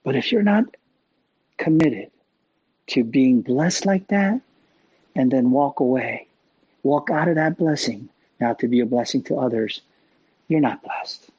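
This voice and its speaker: A man preaching a sermon in a conversational, animated way, often checking in with "right?". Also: mid-range voice, measured pace, pauses often, breathy edge, lo-fi sound. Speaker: pastor.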